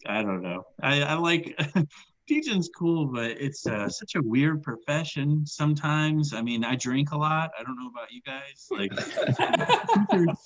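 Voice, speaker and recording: A young man who teaches, doing a stand-up comedy set, halting and self-deprecating, stumbling over restarts and laughing at his own lines. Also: fairly high pitch, expressive, lo-fi sound. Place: comedy club stage with audience laughter.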